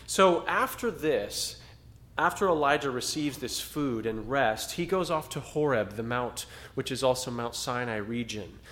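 A man's voice: medium pitch, expressive, unhurried, fairly bright tone, slight background noise. A man preaching a sermon to a small congregation in a conversational style, rising to dramatic emphasis at times. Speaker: pastor.

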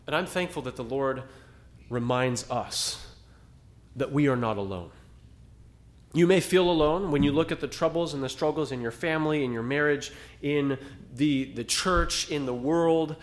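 Conversational preaching man, slightly high voice. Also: normal speed. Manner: conversational preaching with dramatic emphasis. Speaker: pastor. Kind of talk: sermon.

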